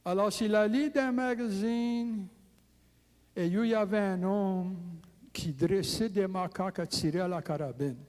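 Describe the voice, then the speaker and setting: A man with a Cajun accent telling folk tales in an unhurried, deliberate way. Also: high-pitched, a little mellow, big-room sound. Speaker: storyteller.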